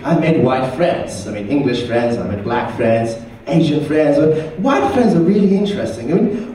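A young man tells a stand-up set with a high, very lively voice that swings wide in pitch. The sound is roomy and heavily echoed, picked up from some distance with faint ambient noise behind it. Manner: animated, jumps into loud put-on voices for family and friends. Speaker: stand-up comedian. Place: university comedy night venue. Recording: roomy hall, mic heard from a distance.

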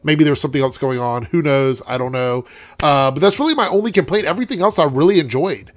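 A man's voice: fairly high pitch, fast, no echo. A young man with a congested voice giving a rambling, chatty TV episode review as host of his show. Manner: rambling, chatty, frequent ums.

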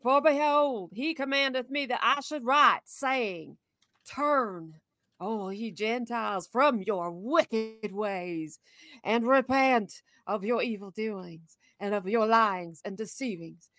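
An old grandma reads scripture slowly and solemnly, stretching every phrase like a sermon, as a woman puts her on. The voice sits a little high. The recording is dry and close. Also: fairly bright tone, dry recording. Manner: slow, drawn-out, preachy reading. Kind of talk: scripture reading in a put-on voice.

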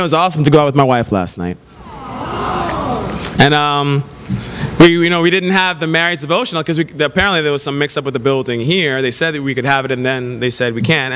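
A male pastor preaches with a high, bright voice that leaps around in pitch as he tells animated stories. His voice rings out with a long hall reverb, and faint noise sits underneath. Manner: animated storytelling with laughs and exclamations. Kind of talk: sermon.

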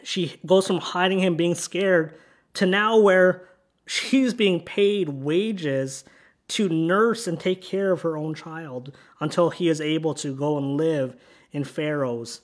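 A pastor preaching a sermon in a church sanctuary, reading scripture aloud in an earnest preaching manner. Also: male voice, a little high, slow pace.

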